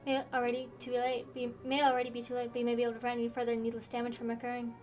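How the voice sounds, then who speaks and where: A woman reading the lines of a composed masked male swordsman, with formal and measured phrasing. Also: a little high, monotone, a little mellow, natural voice. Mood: grave. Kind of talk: reading game dialogue aloud.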